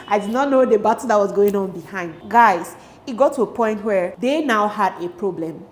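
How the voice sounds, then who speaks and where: A young adult woman telling a story from her school days in a lively storytime vlog, with loud exclamations and quoted dialogue. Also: medium pitch, fairly quick, slight background noise. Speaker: vlogger.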